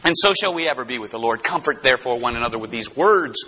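A man preaching a fervent, excitable sermon who often bursts into shouts. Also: mid-range voice, fast talker, husky, muffled recording.

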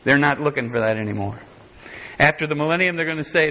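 Man preaching verse by verse, slightly high voice. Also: lively intonation, fast, pushed and bright. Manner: reads King James scripture aloud, then explains it plainly; frequent restarts and self-corrections. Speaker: Bible teacher. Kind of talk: verse-by-verse sermon. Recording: dull lo-fi recording.

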